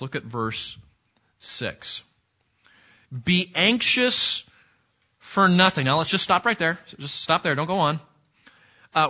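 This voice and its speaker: A man delivers a sermon in an earnest, conversational manner, stumbling and restarting as he works through his points. His voice sits a little high and sounds bright and forward. The recording is dull and lo-fi. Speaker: pastor.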